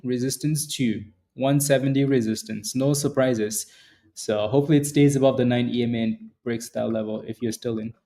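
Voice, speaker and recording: A man's voice: mid-range voice, warm tone. Chatty man hosting a trading stream. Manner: chatty, answers viewers by name; rambling with many restarts. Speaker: stock trading livestream host. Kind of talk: live-stream market commentary.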